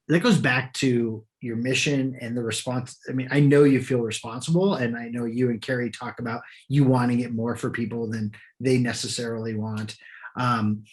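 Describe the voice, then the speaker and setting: A man's voice: medium pitch, low-quality recording. A man co-hosting a podcast, asking questions in an encouraging way. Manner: warm, encouraging. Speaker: podcast co-host. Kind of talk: interview questions.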